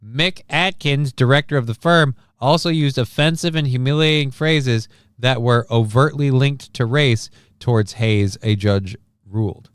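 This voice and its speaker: A man hosting a casual live stream, reading out a news story and viewer comments with wry, deadpan asides. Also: mid-range voice, unhurried, few pauses, clear, resonant tone, no room sound, clean studio sound. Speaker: stream host.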